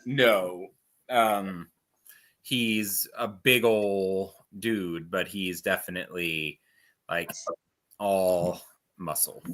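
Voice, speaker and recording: A man's voice: sits low, fairly even intonation, very slow, fairly bright tone. A man who wrote the book, playing his character in a casual tabletop game and talking it over in a chatty, meandering way. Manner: chatty, meandering, frequent fillers. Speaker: author and tabletop player.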